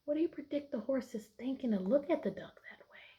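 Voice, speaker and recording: This teacher has a high-pitched voice with lively intonation and a brisk delivery, though the recording is muffled. She reads a picture book to her class, patiently pausing between pages for prediction questions and voicing the animals in a bright, playful way.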